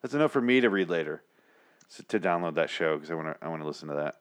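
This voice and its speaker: A man's voice: sits low, lively intonation, rapid-fire, clear, resonant tone. A man co-hosting a podcast, bantering casually with crude, sarcastic jokes and frequent laughter. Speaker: podcast co-host.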